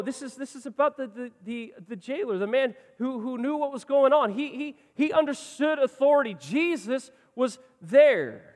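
A man preaching a sermon as pastor, swinging between loud passionate lines and quiet ones. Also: extremely high pitch, moderate pace, hardly any pauses, long reverb tail.

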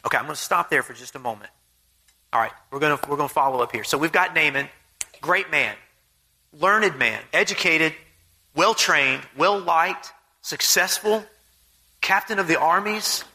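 A man delivers a sermon in a very bright, sharp, high-pitched voice. He reads scripture aloud, then explains it in an earnest, plain manner, with an occasional throat-clear. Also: moderate pace, pauses often. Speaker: preacher.

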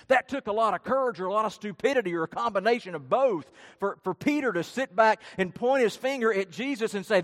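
A man with a high voice preaching a sermon, swinging between loud, pointed outbursts and quiet, low asides. His words ring out with a long hall reverb. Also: animated, a little fast. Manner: dramatic storytelling, acting out quotes with rising and falling intensity.

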